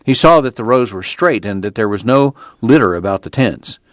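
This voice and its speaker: A man reading a novel aloud in steady, measured narration. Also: lowish voice, no echo, studio quality. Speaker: audiobook reader.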